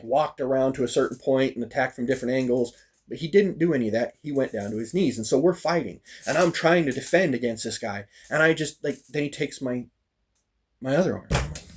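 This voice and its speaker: A man casually telling a personal story about a fighting practice, animated and full of fillers, acting out the lines of the people in it. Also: mid-range voice, a little hiss or hum. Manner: animated, acts out quoted lines, frequent fillers.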